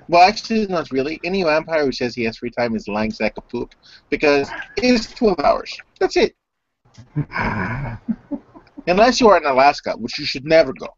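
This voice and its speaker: A man voicing an old undead male vampire, a creepy foreign gentleman, speaking in a theatrical, sardonic way with broken grammar in a tabletop role-play. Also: on the high side, big pitch swings, normal speed, long pauses. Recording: dull lo-fi recording.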